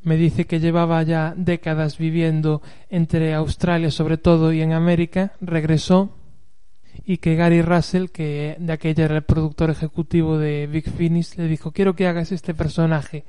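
A host narrates a scripted summary in a measured, even way. His voice is smooth and mellow, and his pitch barely moves. He sits slightly high for a man.

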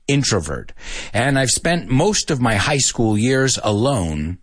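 A man's voice: mid-range voice, very animated, takes it slowly, no echo, studio quality. A man hosting a casual bilingual chat, switching between English and Spanish as he talks and chuckling often. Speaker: podcast host teaching Spanish speakers English.

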